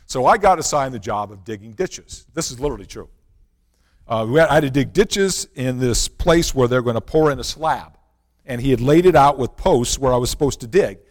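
A male pastor preaching a sermon built around a personal story, swinging from loud, animated passages to hushed, quiet ones. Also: medium pitch, fairly quick. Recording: long reverb of a large hall.

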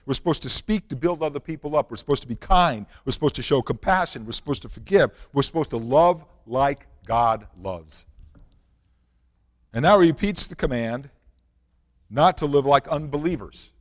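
A man's voice: medium pitch, lively intonation, moderate pace, long reverb tail. A man preaching a sermon, reading scripture and asking the congregation earnest rhetorical questions. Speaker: pastor.

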